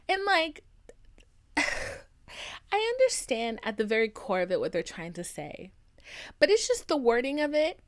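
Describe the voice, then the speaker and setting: A young woman hosting a podcast, ranting casually in a blunt, profane way with lots of "like" fillers. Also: on the high side. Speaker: podcast host. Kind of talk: casual solo podcast rant.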